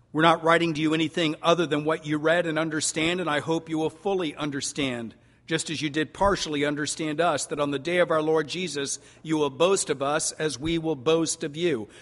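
Older man, pastor, folksy sermon, animated, drawn-out emphasis, fairly high voice, echoing church hall. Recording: long reverb of a large hall.

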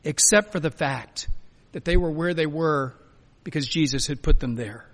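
A man preaching a sermon as a pastor, emphatic, swinging between loud urging and quiet, soft lines. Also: fairly high pitch, normal speed. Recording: long hall reverb.

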